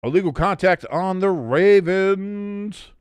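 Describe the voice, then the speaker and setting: A man hosting a live watch-along stream, calling the game play by play and reading out chat comments, with bursts of excitement on big plays. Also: high-pitched, slow pace, clean tone, dry recording. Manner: swears casually.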